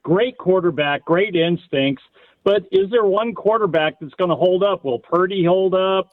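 A man's voice: high-pitched, moderate pace, no echo. A man calling in to a sports radio show, chatty and joking. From Washington state. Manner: chatty, jokey. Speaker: caller. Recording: tinny phone line.

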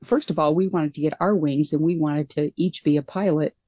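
Woman, interview guest, earnest conversational storytelling, warm tone, dry close sound. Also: sits low, fairly even intonation, brisk, dry recording. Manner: earnest and determined, with frequent restarts. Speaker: interview guest, former pilot.

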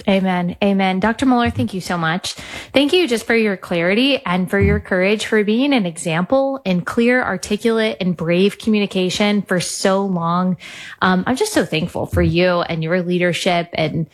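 Podcast host, woman, earnest and emphatic delivery, mid-pitched voice. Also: moderate pace. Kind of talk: podcast talk on faith.

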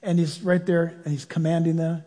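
A man with a notably high-pitched voice preaches in an emphatic, conversational way, driving his points home with repeated phrases. He sounds like a pastor speaking to his congregation. His voice rings out with a long reverb through a large church hall. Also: flat delivery, a little fast, mellow. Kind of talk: sermon.

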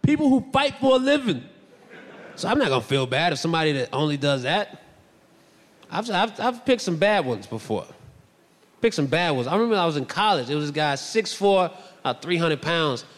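A stand-up comedian with a high, animated voice talks a little fast as he tells loud, self-mocking stories and acts out voices. He performs on a stage in a large hall, recorded live with long reverb.

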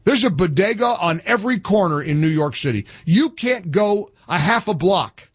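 A man's voice: high-pitched, animated, moderate pace, slightly rough, no room sound, clean studio sound. A man hosting a talk radio show, delivering emphatic, scornful commentary in a punchy way.

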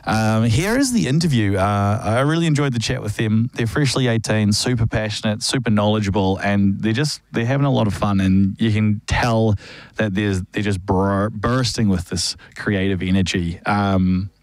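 A man's voice: on the low side, moderate pace, no room sound. A man in his thirties with a Southland New Zealand accent, hosting a radio show and chatting with guests in a friendly way, with fillers and restarts. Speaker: radio host. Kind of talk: radio show presenting and interviewing.

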